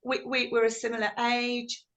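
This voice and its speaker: A middle-aged woman singer tells stories during a video call interview, warmly and with animation, acting out quotes. Her voice is fairly high and her pace is normal.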